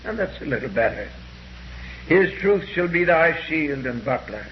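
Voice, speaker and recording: A man preaching a sermon, quoting scripture slowly and deliberately and pausing often with "uh". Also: fairly high pitch, lively intonation, lo-fi sound. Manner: slow and deliberate when quoting scripture, with frequent "uh" pauses.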